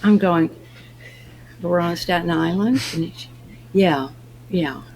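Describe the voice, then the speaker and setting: A woman, an actress, talking as a guest in a remote interview and telling stories in a lively way, acting out the lines of the people in them. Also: lowish voice, takes it slowly, vocal fry, husky. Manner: animated storyteller acting out dialogue.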